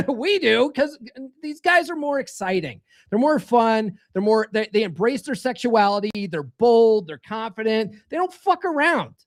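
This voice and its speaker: A man's voice: extremely high pitch, lively intonation, measured pace. A man in his thirties hosting a livestream about dating, reading chat comments in a blunt, crude way and calling listeners brother. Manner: mimics others in raised voices. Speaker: dating coach and livestream host.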